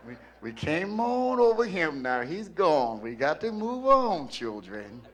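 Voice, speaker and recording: A man voicing a church chairman who drawls slowly, urging people to move on. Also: on the high side, big pitch swings, fairly bright tone, heavily acted. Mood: coaxing. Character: male church chairman, slow drawling, moving on.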